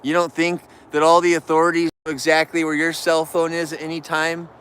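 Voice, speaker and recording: A man's voice: a little high, completely flat delivery, brisk, a bit bright, slight background noise. A man live-streaming outdoors near bears, ranting about rude viewers and scolding the animals in a rambling chat.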